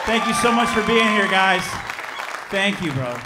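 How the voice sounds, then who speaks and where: A man in his thirties from Chicago doing a stand-up comedy set, telling a story with lively acted-out voices and shouted punchlines. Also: sits high, a little slow, echoey room, over a noisy crowd, very noisy. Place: theater stage before a live audience.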